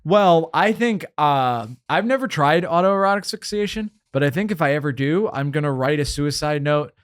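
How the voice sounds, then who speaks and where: A man hosts a podcast in loose, casual chat. His voice sits a touch high for a man, and he rambles and jokes, often cutting off and restarting his sentences. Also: animated, moderate pace, smooth. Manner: rambling, self-interrupting, joking. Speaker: podcast host.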